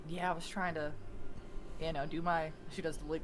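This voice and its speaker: A woman playing a tabletop role-playing game, telling what happened in an animated, rambling way. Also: sits low, normal speed, crowd noise. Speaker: player. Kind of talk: tabletop role-play chat.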